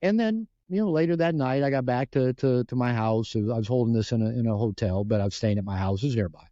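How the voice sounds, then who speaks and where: A man's voice: medium pitch, quick pace, dark tone, no echo, lo-fi sound. A man guest on a podcast, earnestly explaining ideas through personal stories, often restarting sentences and acting out quoted dialogue. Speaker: podcast guest, relationship author. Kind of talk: podcast interview storytelling.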